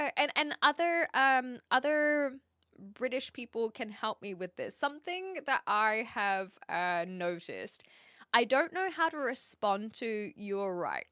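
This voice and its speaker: A woman with a New Zealand accent chats with her live-stream viewers, her voice bright and fairly high. She rambles and thinks aloud with plenty of fillers, then winds up into animated bursts. The sound is close and dry. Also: no room sound. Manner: chatty and animated, thinking aloud with many fillers while answering chat. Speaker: livestreamer.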